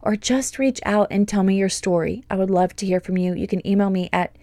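Gushing upbeat woman with a mellow voice. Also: medium pitch, brisk, dry recording, studio quality. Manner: gushing, upbeat, rambling with excited asides. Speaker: podcast host and homeschool business coach. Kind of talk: casual podcast monologue.

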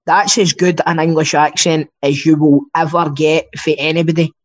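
A man's voice: fairly high pitch, fairly even intonation, moderate pace. A Scottish man co-hosting a podcast in casual chat, rambling and swearing freely. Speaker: podcast co-host. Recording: dull lo-fi sound.

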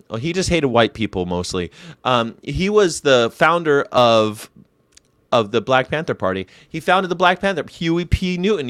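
A middle-aged man ranting sarcastically in a casual monologue, jumping between loud outbursts and low mutters. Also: no room sound. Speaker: vegan commentary host.

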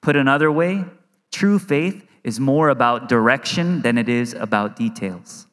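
Earnest pastor preaching in a reverberant hall. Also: male voice, medium pitch, lively intonation, fairly bright tone. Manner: earnest, acts out inner worries in quick asides. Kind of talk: conversational sermon. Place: church sanctuary.

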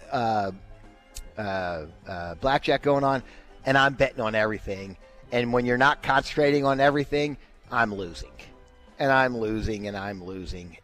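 A man hosting a radio talk show, telling a casual story and acting out the lines he quotes. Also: mid-range voice. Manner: animated, acts out quoted lines.

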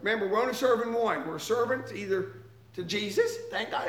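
A man's voice: high-pitched, a bit bright, reverberant. A man preaching a sermon with emphasis, often asking "okay?" and laughing between points. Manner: reads hymn lines slowly and deliberately.

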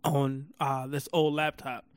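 A man's voice: mid-range voice, flat delivery, takes it slowly, clear, resonant tone, no echo, studio quality. A man co-hosting a podcast, telling stories in casual chat and laughing often. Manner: laughs often, playful storytelling. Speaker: podcast co-host.

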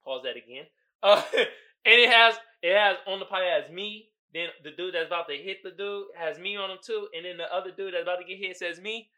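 A man's voice: high voice, fairly quick, bright, forceful tone. A man hosting a podcast, recapping a movie in a casual, profane, storytelling way with frequent laughter. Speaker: podcast host.

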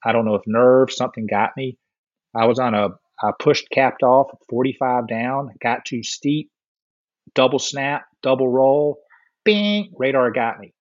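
A man's voice: mid-range voice, measured pace, no room sound, dull audio. A man in casual chat, animatedly telling a story and acting out what others said. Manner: animated storyteller, acts out quotes.

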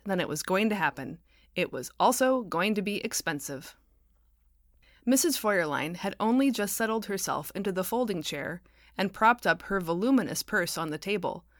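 A woman author narrating her own novel as an audiobook, wry and expressive. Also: medium pitch, no room sound, clean studio sound.

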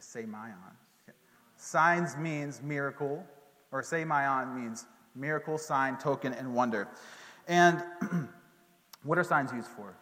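A man giving a casual Bible lesson to a group, relaxed and joking, with many fillers and restarts. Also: mid-range voice, long reverb tail. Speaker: teacher.

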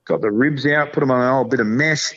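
A man's voice: mid-range voice, a little fast, fairly bright tone. A man with an Australian accent chatting casually as a podcast guest, rambling in a laid-back, blokey way full of slang. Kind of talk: casual chat. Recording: dull lo-fi sound.

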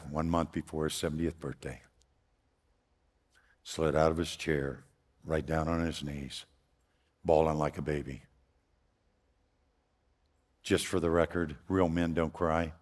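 Loud, deep-voiced older man preaching. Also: level tone, slow, pauses often. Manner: loud, folksy and earnest. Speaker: guest preacher. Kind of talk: storytelling sermon. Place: church sanctuary. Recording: long hall reverb.

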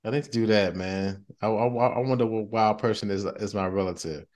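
A middle-aged man hosting a podcast in casual chat, animated and slangy, often laughing. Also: on the low side, brisk. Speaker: podcast host.

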